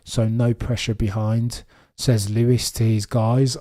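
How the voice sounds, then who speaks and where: Brummie guy streaming a watchalong, mild accent, chatty and excitable, talks right to chat. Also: mid-range voice, a little slow. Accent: mild Birmingham English. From Birmingham, England. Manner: excitable and chatty, talks straight to his viewers. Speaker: streamer hosting a live watchalong. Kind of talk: live streaming commentary chat.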